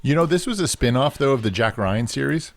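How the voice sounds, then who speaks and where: Male host, mid-pitched, chatty and rambling. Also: animated, a little fast. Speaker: show host. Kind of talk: casual chat.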